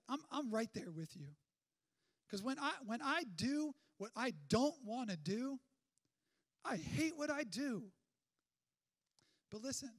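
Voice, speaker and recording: A pastor with a high-pitched voice preaches a sermon energetically and conversationally, packing it with rhetorical questions and quick restarts.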